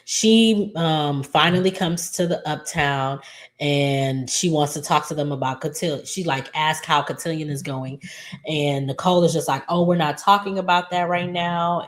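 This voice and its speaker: A woman's voice: low voice, a little slow. A woman casually recapping a soap episode in a chatty, loose way, full of ums and likes. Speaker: soap opera recap vlogger.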